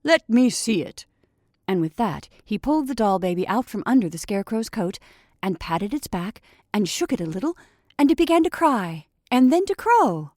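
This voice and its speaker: A woman's voice: medium pitch, sing-song, moderate pace, darkish tone, dry recording, clean studio sound. Woman reading a storybook aloud. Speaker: storyteller podcast host.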